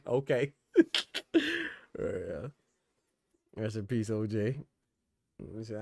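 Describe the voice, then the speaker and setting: A man's voice: lowish voice, takes it slowly, gravelly, long pauses, no room sound. A man hosting a boxing livestream, chatting casually in slang, reading out and answering viewers by name. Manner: relaxed, slangy, reads chat aloud. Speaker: boxing commentary host.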